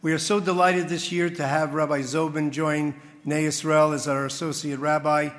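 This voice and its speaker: A man acts as master of ceremonies at a community dinner, giving an after-dinner speech full of stories and crowd-rousing build-ups. His fairly high voice is a bit bright, with a level tone at a moderate pace and a long reverb tail.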